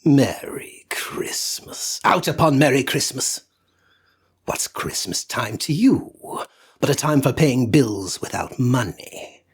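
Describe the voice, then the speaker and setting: A man's voice: medium pitch, animated, slow pace, breathy edge, exaggerated voice. Scrooge, a man voicing a scornful old miser. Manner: scornful, grumbling. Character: stingy, sour old male miser.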